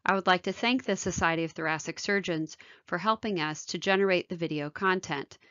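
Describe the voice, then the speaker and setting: A lower-pitched woman surgeon narrates a medical lecture in a measured, technical tone. Her voice is close and dry, with a dull, lo-fi sound. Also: sharp tone, no echo. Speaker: thoracic surgeon.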